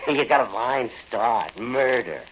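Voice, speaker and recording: A man's voice: mid-range voice, lively intonation, takes it slowly. An actor playing a mischievous male demon who taunts and wheedles, in old-time radio drama style, on a dull lo-fi recording with faint hiss. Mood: gloating.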